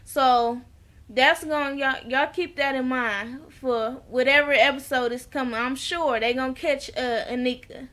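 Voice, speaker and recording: High, bright-voiced woman recapping a show. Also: unhurried. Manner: animated storytelling, talks straight to viewers. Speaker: TV episode reviewer. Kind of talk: casual recap chat.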